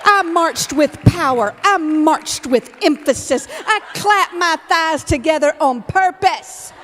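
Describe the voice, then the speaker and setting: High-voiced woman telling comic stories. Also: takes it slowly, slight background noise. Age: 50s. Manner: animated comic storyteller. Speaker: motivational keynote speaker. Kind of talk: humorous storytelling keynote. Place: large event hall. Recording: long hall reverb from a live keynote.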